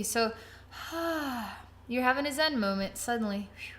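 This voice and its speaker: A woman's voice: a little high, lively intonation, unhurried, a bit bright. Dramatic woman giving a psychic reading. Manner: vivid, dramatic, thinking aloud with restarts. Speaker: psychic reader.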